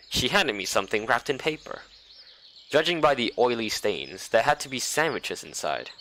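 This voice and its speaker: A man's voice: medium pitch, very animated, normal speed, bright, forceful tone, a little hiss or hum. A man reading a visual novel aloud as a let's play host, dropping wry, sarcastic asides. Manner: wry, sarcastic, playful commentary.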